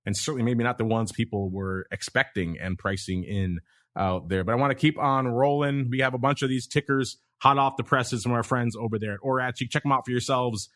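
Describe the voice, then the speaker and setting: A man hosting a podcast in a brisk, chatty manner, moving through listener mail and poll results. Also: medium pitch, a bit bright, dry recording, clean studio sound. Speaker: podcast host.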